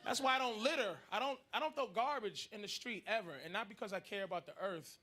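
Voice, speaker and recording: A man's voice: sits high, fast, pushed and bright. A man in his thirties doing crude, rambling stand-up comedy in a noisy live room. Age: 30s.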